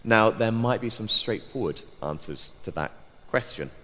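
Earnest vicar in a reverberant church. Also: male voice, fairly low pitch, lively intonation, sharp tone. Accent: posh southern English. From Bristol, England. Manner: earnest, measured and reflective. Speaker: vicar and pastor. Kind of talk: personal testimony sermon.

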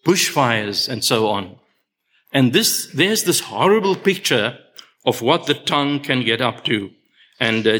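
A man's voice: medium pitch, sharp tone. An older man preaching a sermon, telling stories unhurriedly and stressing points through repetition. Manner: unhurried storytelling with emphatic repetition. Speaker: pastor.

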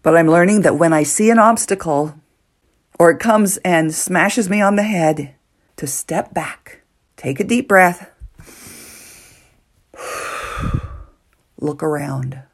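A woman hosting a solo motivational podcast, earnest and emotional, moving between soft hushed lines and excited bursts. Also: lowish voice, a little slow. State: nervous, emotional. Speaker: podcast host.

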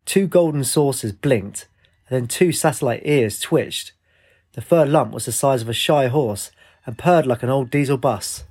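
A man narrating a fantasy story with a measured, expressive reading. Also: medium pitch, breathy edge.

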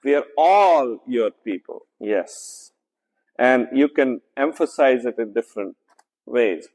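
Preaching in a church sanctuary, a man with an animated, darkish mid-range voice checks in with "right?" over and over and uses plenty of fillers. His slow, deliberate, conversational sermon is heard through poor audio with a long reverb tail.

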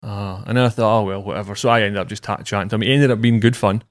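A man's voice: lowish voice, steady tone, fast talker, clear, resonant tone, dry recording. A man hosting a casual podcast, chatting and telling stories with lots of fillers. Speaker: podcast host.

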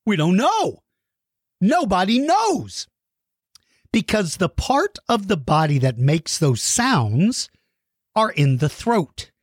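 A man's voice: on the high side, sing-song, slow, slightly rough, no room sound, studio quality. A man hosting a question show, explaining in a playful, teacherly way for young viewers on his own microphone. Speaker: host answering viewer questions about dinosaurs. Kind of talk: lively kid-friendly explaining.

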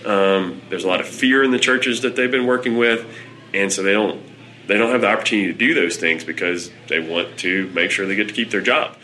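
Deep, bright-toned man telling a story. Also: brisk, slight background noise, poor audio. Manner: conversational storytelling, hesitant fillers. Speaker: executive director. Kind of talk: interview.

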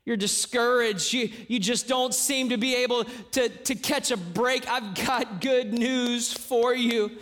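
Man, pastor, very high voice, fervent sermon, repetitive, calls out to the church. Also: measured pace, hardly any pauses, a bit bright, soft background music. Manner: fervent preaching, repeats phrases, calls out to the congregation.

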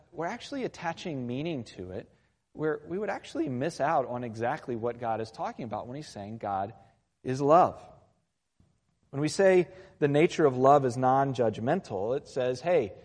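A man's voice: mid-range voice, a little mellow, big-room sound. A man preaching a sermon as a pastor, talking in a conversational way and often checking in with the congregation. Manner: conversational, with frequent tag questions.

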